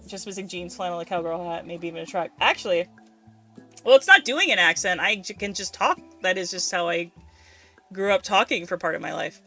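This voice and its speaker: A woman streamer chats casually and giggles easily while she plays. Her voice is bright and forward, with faint game music in the background. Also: lowish voice, fairly quick. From United States. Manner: giggly, chatty. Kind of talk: casual gameplay chat.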